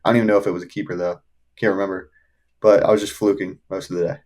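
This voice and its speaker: A young man with a lowish voice tells his fishing stories as a podcast guest. He talks casually and excitedly and laughs through his stories. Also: rapid-fire. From Shenandoah Valley, Virginia. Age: young adult. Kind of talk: casual storytelling.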